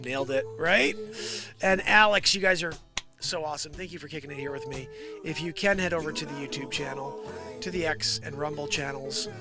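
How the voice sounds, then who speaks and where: A man hosting a daily comedy livestream, rambling and riffing on the news and greeting viewers by name. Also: fairly quick. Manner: rambling, riffing, puts on squeaky voices for quoted people. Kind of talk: improvised comedy livestream chat. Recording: music playing loudly behind. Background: music.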